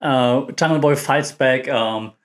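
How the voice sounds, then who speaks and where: A man's voice: medium pitch, slow. A man hosting a podcast, giving a casual, rambling recap full of fillers and restarts. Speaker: podcast host. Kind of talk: casual wrestling recap commentary.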